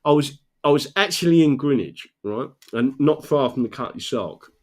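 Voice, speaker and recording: A man's voice: medium pitch, animated, normal speed, darkish tone. A man from South London with a South London accent, chatting casually and telling rambling anecdotes, often adding "right?". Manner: rambling, anecdotal, frequent "right?" asides and laughs. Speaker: political livestream host. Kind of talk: casual chat, storytelling.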